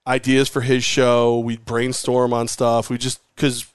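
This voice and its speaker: A middle-aged man, a former sports radio host, telling animated, rambling stories as a guest in a casual interview. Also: mid-range voice, a little slow, clear, resonant tone. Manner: animated, rambling, heavy use of "like".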